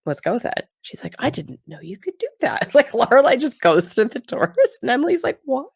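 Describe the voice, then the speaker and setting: A woman's voice: on the high side, brisk, creaky, slightly rough, dry recording. Woman animatedly retelling a show, dry sound. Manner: animated retelling, acting out quotes with laughs. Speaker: podcast co-host. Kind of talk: casual chat recapping a TV episode.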